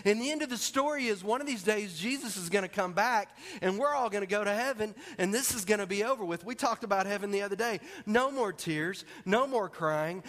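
A man preaching a sermon, telling a story in an animated way and acting out its scenes. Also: high voice. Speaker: pastor. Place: church sanctuary. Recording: long hall reverb.

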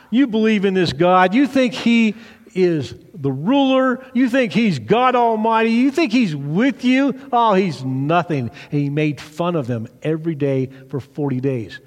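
A man's voice: fairly high pitch, big-room sound. A man pastor giving a children's sermon, retelling a story with animation and asking the kids questions.

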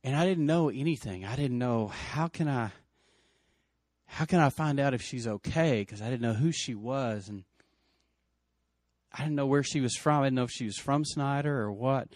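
A middle-aged man telling a personal story, earnest and emotional, surging and then dropping to a hush. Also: mid-range voice, dry recording, studio quality. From West Texas. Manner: earnest, emotional, quick surges and hushed drops.

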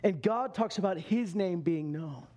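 A man preaching a sermon in an animated way, acting out quotes as he goes. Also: sits high, unhurried, dull audio. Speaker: pastor.

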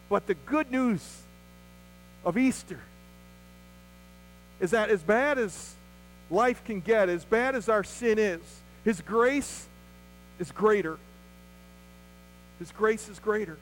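Pastor guy preaching easter, high voice, earnest, asks the crowd questions, faint hum behind. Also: poor audio. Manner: earnest preaching, rhetorical questions, acted-out quotes. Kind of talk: Easter sermon.

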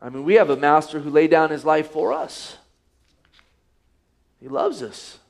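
A man's voice: fairly high pitch, animated, unhurried. A man preaching a sermon, reading scripture aloud and asking the listeners rhetorical questions. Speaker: pastor.

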